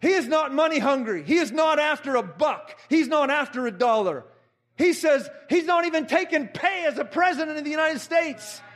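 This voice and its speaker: A middle-aged man preaching a fervent sermon, repeating phrases and rising to shouts. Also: very high voice, expressive, moderate pace.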